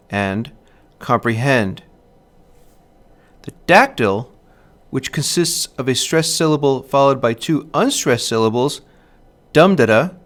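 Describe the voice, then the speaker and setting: In a clear, measured literature lesson read from a script, a male teacher with a mid-range voice sounds out stress patterns step by step.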